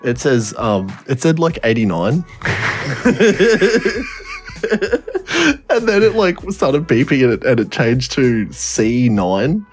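A man's voice: mid-range voice, sing-song, slow pace, long pauses. A young man telling a story in casual podcast chat, rambling, swearing often and laughing through it. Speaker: podcast co-host.

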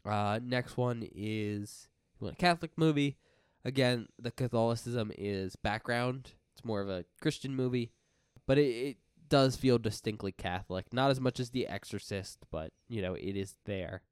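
A man co-hosting a horror film podcast, talking in a measured, explanatory way and steering the segments. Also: mid-range voice, clean tone, no echo, clean studio sound. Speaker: podcast co-host. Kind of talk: casual chat.

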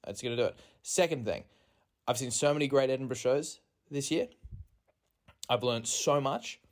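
A man, hosting a podcast as a rambling comic monologue, self-mocking and meandering, recorded on a phone in a rented apartment. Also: moderate pace. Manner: self-mocking, meandering, with sudden jumps in pitch. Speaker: podcast host.

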